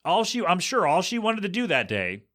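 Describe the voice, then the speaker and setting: A man's voice: high-pitched, brisk. A man hosting a podcast, rambling casually through a story and acting out what people said. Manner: animated storytelling, acts out quoted voices. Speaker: podcast host.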